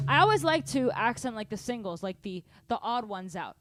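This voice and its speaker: A young woman teaching a drum lesson on a live stream, energetic and chatty, counting and singing rhythms aloud between grooves. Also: a little high, fast talker, few pauses, over loud music. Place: home drum room. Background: drum kit.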